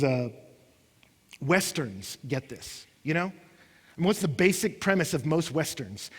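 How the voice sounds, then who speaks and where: A man's voice: a little high, fairly bright tone, breathy edge. A man preaching a sermon, acting out what his listeners say, with rising and falling intensity. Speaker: pastor. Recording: long hall reverb.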